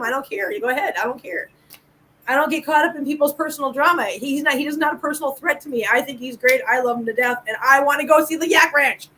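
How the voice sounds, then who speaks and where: A woman's voice: high voice, a bit bright, a little hiss or hum, rough recording. A middle-aged woman hosting a casual live chat, telling stories with a loose, laughing, swearing manner. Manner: chatty storyteller, laughs often, swears casually. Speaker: livestream host.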